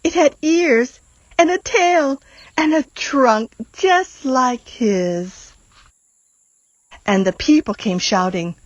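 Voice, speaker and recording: A woman volunteer reading a rhyming children's storybook aloud in an expressive, sing-song way. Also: high-pitched, slow pace, no echo, dull audio. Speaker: volunteer reader.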